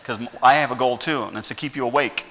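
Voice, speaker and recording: A man's voice: medium pitch, fast, fairly bright tone, in a large hall. A middle-aged man preaching a sermon as pastor, folksy, often checking in with "all righty?". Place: church sanctuary.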